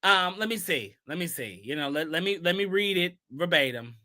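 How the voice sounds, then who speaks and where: A bright, high-pitched man hosts a casual gossip commentary. He reads posts aloud and answers them with sassy, emphatic rhetorical questions. His tone stays sharp and pointed throughout. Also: sing-song, normal speed.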